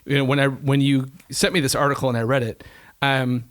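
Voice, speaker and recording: A man's voice: medium pitch, level tone, fairly quick, a bit bright. A man co-hosting a podcast who talks in a thoughtful, conversational way and often restarts his phrases. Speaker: podcast co-host. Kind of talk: casual scholarly discussion.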